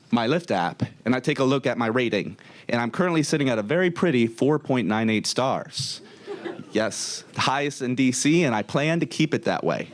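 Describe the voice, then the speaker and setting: A young man telling a comic story to a live audience in a comedy club, wry and deadpan sarcastic. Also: mid-range voice.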